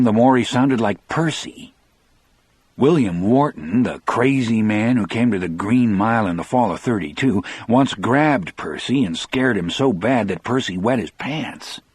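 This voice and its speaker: A man's voice: on the low side, animated, normal speed, a little mellow, husky, no echo. A man narrating an audiobook in a brooding, confessional first-person telling.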